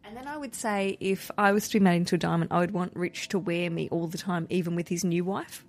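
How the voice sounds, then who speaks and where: Woman, lowish voice, playful and joking, casual chat. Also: brisk.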